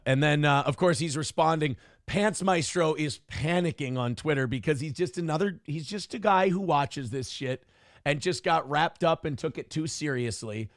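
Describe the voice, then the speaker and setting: Brief: smug male host, slightly high voice, dry close sound, taunting rant. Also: lively intonation, normal speed, no room sound. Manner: snarky and smug; mocking, taunting asides. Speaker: streamer host. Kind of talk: casual ranting commentary.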